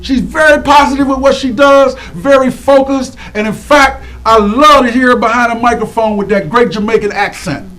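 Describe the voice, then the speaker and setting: A man calls out names in animated, preacherly shout-outs. He stretches each name and keeps throwing questions back to the crowd. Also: very high voice, rough recording. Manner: preacherly call-and-response, animated, drawn-out names. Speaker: speaker honoring community women. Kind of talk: lively shout-outs to audience.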